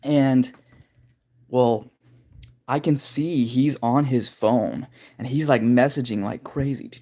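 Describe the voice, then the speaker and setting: A man with a gravelly, creaky voice tells a long personal story on his livestream. He talks candidly and loosely, piling on filler phrases as he goes. His pitch sits in an ordinary middle range. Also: a little mellow. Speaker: livestream host.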